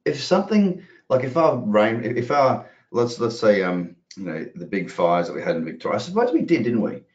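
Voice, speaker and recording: A man's voice: fairly low pitch, big pitch swings, brisk, darkish tone. A man giving casual, rambling live market commentary as a trading educator, chatty and casually profane. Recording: roomy, dull lo-fi audio.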